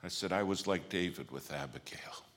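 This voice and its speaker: A man preaching a sermon, telling a story and acting out the dialogue, going from loud to hushed. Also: low-pitched, normal speed. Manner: animated storyteller, acts out quoted dialogue, swings from loud to hushed.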